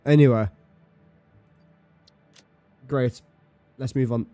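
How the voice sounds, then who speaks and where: A man's voice: medium pitch, steady tone, takes it slowly, warm tone, dry recording, soft background music. A man streaming a building game, chatting casually and thinking aloud as he counts, does sums and teases himself. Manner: thinks aloud, counts and does sums under his breath, self-mocking. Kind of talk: casual live-stream commentary.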